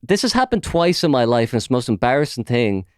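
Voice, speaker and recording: A man's voice: medium pitch, sing-song, fast talker, darkish tone, clean tone, dry recording, clean studio sound. A man with an Irish accent hosting a casual podcast chat, sweary and mocking as he rambles. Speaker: podcast host.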